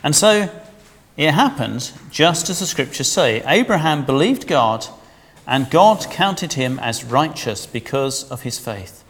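A man delivers a sermon in a chatty, conversational way, tossing rhetorical questions at his listeners. His somewhat high voice swoops up and down with lively animation. Long reverb trails behind every phrase. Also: a little slow. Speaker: preacher.

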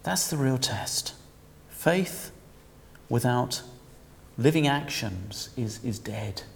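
A man preaching a sermon in a lively, conversational way, asking his listeners questions. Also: medium pitch, slow, long reverb tail.

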